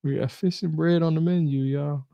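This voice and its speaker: A man talks on a live stream in a casual, animated way, circling back and repeating his points. His voice sits a little high for a man yet sounds dark and mellow. It is recorded close and dry, with no room around it. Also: moderate pace, gravelly, clear, resonant tone, no echo. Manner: animated, repeats himself, jokes and swears casually. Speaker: host. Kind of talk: casual live-stream talk reading from a book.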